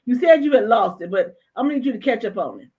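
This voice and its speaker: A woman's voice: a little high, lively intonation, quick pace, darkish tone. A woman hosting a casual live chat show, talking emphatically and repeating her phrases. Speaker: host.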